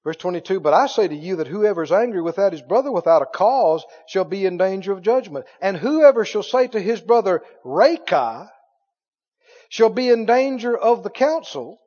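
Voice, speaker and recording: A man preaching a sermon as pastor, reading scripture aloud with animated delivery. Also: sits high, moderate pace. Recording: dull sound in a long-reverb hall.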